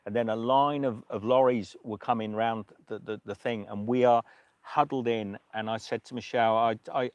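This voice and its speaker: A man hosting a livestream, telling a story in a casual, emotional way with many halting restarts. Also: medium pitch, fairly even intonation, smooth, no echo. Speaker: livestream host.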